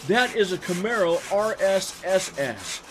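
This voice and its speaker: An eager teenage boy, put on by a man telling a story, bursts out in a voice pitched well above the teller's own and pushed louder. He sounds thrilled, insistent and a little indignant. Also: sing-song, measured pace, a little hiss or hum, full character voice. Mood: excited. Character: excited teenage boy showing off his car.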